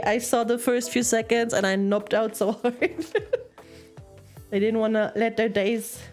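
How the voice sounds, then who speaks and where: Woman, young, giggly, rambling casual chat, slow, faint music behind. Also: fairly high pitch, a little mellow. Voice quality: giggly, laughs often. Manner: chatty, rambling, tells puns. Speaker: streamer. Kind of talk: casual chat while crafting.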